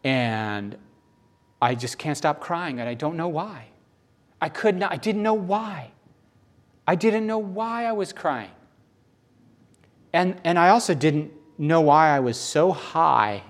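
Guy preaching, gets loud then goes real quiet, repeats stuff for emphasis. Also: a little high, animated, measured pace, long pauses. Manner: emphatic, repeats phrases, swings between loud and hushed. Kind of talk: sermon.

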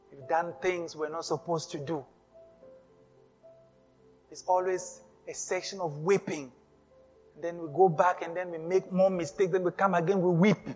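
A man preaching a sermon as pastor, speaking emphatically, repeating key phrases and building up to shouts. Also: a little high, in a large hall, highs cut off.

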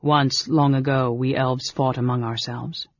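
A man's voice: mid-range voice, level tone, measured pace, no echo. Tanis, a man voicing an agitated half-elf. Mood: grave. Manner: urgent and protesting. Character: troubled, hot-tempered male half-elf warrior. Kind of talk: audiobook character reading. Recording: dull lo-fi recording.

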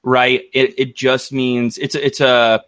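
A man's voice: medium pitch, level tone, slow pace, a bit bright, no echo, studio quality. An American man hosting a casual livestream, rambling and thinking aloud. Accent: American English. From United States. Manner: rambling, thinks aloud with many fillers and restarts.

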